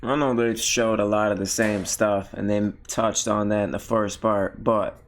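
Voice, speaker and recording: A man's voice: on the low side, a little slow. A man hosting a reaction video, talking casually and bluntly with some swearing. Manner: relaxed, blunt, swears freely. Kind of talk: casual commentary.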